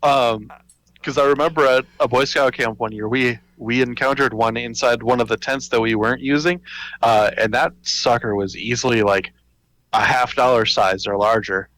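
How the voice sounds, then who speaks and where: A man speaking in casual chat on a podcast, in a low-key, wry way. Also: fairly even intonation, moderate pace, fairly bright tone, low-quality recording.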